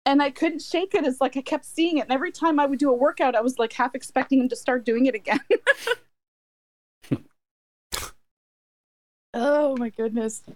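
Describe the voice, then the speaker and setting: A middle-aged woman co-hosts a casual chat in a high, bright voice, laughing often and circling back on her own sentences. Her voice is recorded dry and close, with no room around it. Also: moderate pace, long pauses, dry recording. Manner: chatty, laughs often, trails off and restarts.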